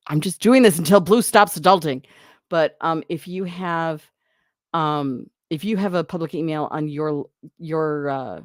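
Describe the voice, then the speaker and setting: A woman's voice: deep voice, dry recording, clean studio sound. A woman hosting a live stream, chatting casually and answering viewer comments in a rambling way, often breaking off and laughing.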